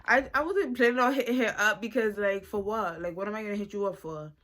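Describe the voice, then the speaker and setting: An American woman in her twenties tells a casual storytime vlog into her phone camera, animated and full of slang. Her pitch is medium and her delivery fast.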